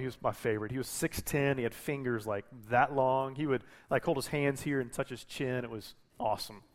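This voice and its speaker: Conversational male pastor preaching. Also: mid-range voice. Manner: conversational, with self-corrections and restarts. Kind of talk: sermon.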